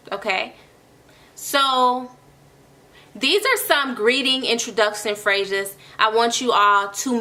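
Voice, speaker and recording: A young woman tutoring Spanish in a casual online lesson, encouraging and slowly repeating phrases for learners. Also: fairly high pitch, bright, forceful tone.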